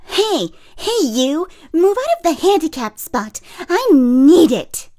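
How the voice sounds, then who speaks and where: A pushy, entitled woman barks demands in a shrill, high voice, as a woman storyteller puts her on. She is loud and bossy, with lively swings in pitch. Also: takes it slowly, full character voice. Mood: demanding. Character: rude entitled woman yelling from a truck.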